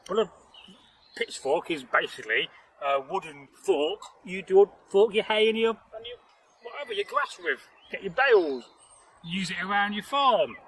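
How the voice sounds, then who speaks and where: On poor audio with a bit of hiss or hum, a man with a high, fairly bright voice tells a folktale outdoors in nature. He's the storyteller and channel host, rambling and chatting casually while laughing and joking with a companion.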